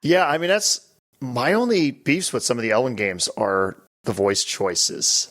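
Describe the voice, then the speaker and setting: A man hosting a casual podcast chat, animated and quick to break into mock voices and laughter. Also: medium pitch. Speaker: podcast host.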